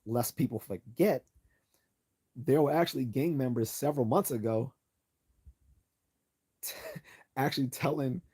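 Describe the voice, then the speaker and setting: A man hosting a late-night livestream, talking bluntly and sarcastically while hoarse from losing his voice. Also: medium pitch, unhurried, pauses often, mellow. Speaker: livestream host.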